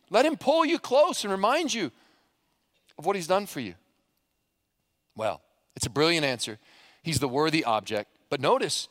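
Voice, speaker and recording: A male pastor preaching with a high, lively voice that rises and falls as he tells a story. He keeps putting questions to the congregation, and the sound is close and dry. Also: no room sound. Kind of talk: sermon.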